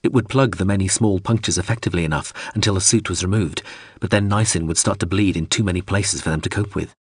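Deep husky male audiobook narrator. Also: quick pace, no room sound, clean studio sound. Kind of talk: scripted narration.

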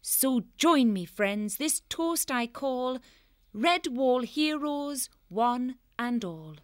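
A man's voice: very high-pitched, lively intonation, drawn-out words, a bit bright, smooth, no room sound, clean studio sound, voice pushed up, full character voice. A man voicing a stern but kindly old female abbess creature in a storybook reading, with a solemn, ceremonial manner. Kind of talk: audiobook character voice.

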